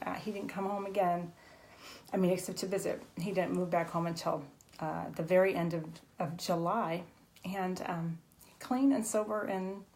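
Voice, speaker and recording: A woman's voice: medium pitch, darkish tone, rough recording. A woman author guest on a video call, earnestly sharing an emotional personal testimony, tearful at times, with many fillers and restarts.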